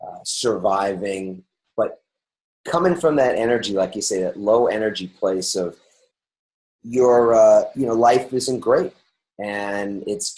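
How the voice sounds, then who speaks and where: A middle-aged man from New York hosts a podcast, keeping the interview chat casual, upbeat and rambling, with many restarts and fillers. His voice is low and a little mellow. It's a low-quality recording.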